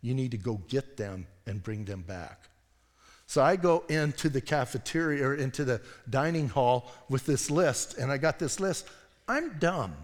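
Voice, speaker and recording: A man preaching a sermon as pastor, animated and self-deprecating, dropping to quiet asides as he tells stories. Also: medium pitch, normal speed. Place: church sanctuary. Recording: long hall reverb.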